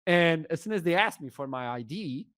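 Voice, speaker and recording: A young man with a Portuguese accent, an esports caster guesting on a podcast, telling an animated story with laughs and sudden shouts. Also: fairly high pitch, normal speed, dry recording, clean studio sound. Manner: animated, acts out scenes, laughs often, bursts into shouts.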